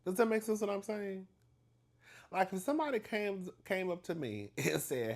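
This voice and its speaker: A man hosting a casual storytime vlog, gossipy and animated, laughing often and calling his listeners "girl". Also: high-pitched, moderate pace. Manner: laughs often between lines. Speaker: vlog host.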